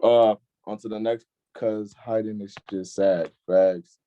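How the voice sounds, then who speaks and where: A man's voice: lowish voice, steady tone, slow pace, phone-quality sound. Laid-back young man hosting a group chat. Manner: laid-back, filler-heavy, keeps saying "facts". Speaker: youth group discussion host. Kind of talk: casual online group discussion.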